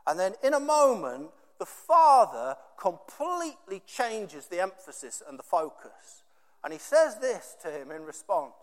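A man preaching a sermon with emphatic repetition and dramatic pauses. His voice sits high for a man. A long reverb trails each phrase through a large hall. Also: very animated.

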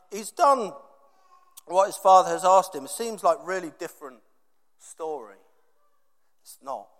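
High-voiced male preacher in a reverberant hall. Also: a bit bright. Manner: emphatic, repetitive, dramatic pauses. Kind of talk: sermon.

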